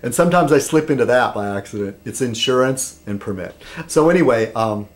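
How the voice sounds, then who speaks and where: A man's voice: mid-range voice, expressive, fast. A man vlogging in a casual, rambling way about local politics, often digressing and checking in with "okay?".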